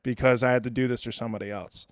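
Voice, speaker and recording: A man's voice: mid-range voice, fairly even intonation, rapid-fire, no room sound, clean studio sound. A young man hosting a podcast, chatting casually and rambling with lots of restarts. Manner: rambling, self-deprecating, with many restarts. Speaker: podcast host. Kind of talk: casual chat.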